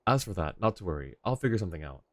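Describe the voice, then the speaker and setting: Low-voiced, chatty male game streamer. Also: sing-song, racing, dry recording. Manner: chatty, rambling, laughs often. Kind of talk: casual live-stream gaming commentary.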